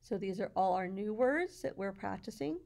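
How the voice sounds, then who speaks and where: A woman teacher walking through her classroom slides in a patient, explanatory way, sounding out words slowly. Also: medium pitch, expressive, gravelly, a little mellow.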